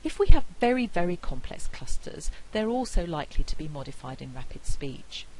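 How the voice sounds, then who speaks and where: Low-voiced woman lecturing on phonetics. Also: big pitch swings, a little mellow, a little hiss or hum, poor audio. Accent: non-rhotic British English. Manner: clear, deliberate, demonstrates sounds slowly. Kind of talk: university lecture.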